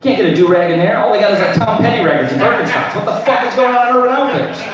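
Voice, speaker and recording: Thirties male comic, crude and rambling, slightly raised pitch, distant mic in a very echoey room. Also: rapid-fire, a crowd in the background. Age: 30s. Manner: crude, rambling, tags lines with "right?". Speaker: stand-up comedian. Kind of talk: open mic stand-up. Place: comedy club stage.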